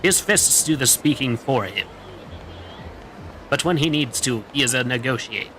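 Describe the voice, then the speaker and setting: Animated, bright-voiced male game streamer. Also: mid-range voice, moderate pace, soft background music. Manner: joking, chatty. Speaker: VTuber streamer. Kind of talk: casual gameplay commentary.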